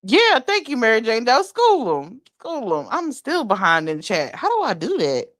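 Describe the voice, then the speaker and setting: A woman's voice: fairly high pitch, big pitch swings, moderate pace, a bit bright. Sassy woman livestreamer, blunt and playful. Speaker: livestream host. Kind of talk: casual late-night livestream chat.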